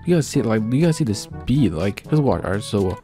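Guy rambling over a game, swears a lot, mellow voice, faint music behind. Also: lowish voice, sing-song, a little fast. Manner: rambling, casual slang, frequent swearing. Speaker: gaming video creator. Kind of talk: gameplay commentary.

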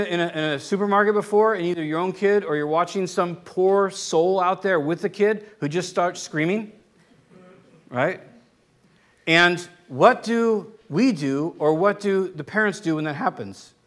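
A man with a notably high voice delivers a conversational sermon. He teaches informally and keeps checking in with the congregation as he explains. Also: a bit bright. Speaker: pastor.

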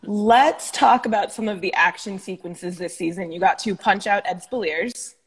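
A woman's voice: medium pitch, normal speed, noisy background. A woman interviewing a guest over a video call, asking friendly, teasing questions. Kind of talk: casual chat.

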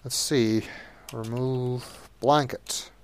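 A man's voice: medium pitch, steady tone, extremely slow. A man commentating a game playthrough and reading its text, with dry, wry asides. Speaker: let's play narrator.

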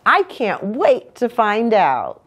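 A woman pastor reading a storybook to children, with gently chatty asides. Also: medium pitch, huge pitch swings, slow pace.

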